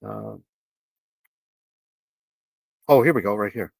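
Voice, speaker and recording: A man's voice: lowish voice, quick pace, no echo. A man hosting a live stream, reacting to video clips with repeated exclamations, curses and nervous laughter.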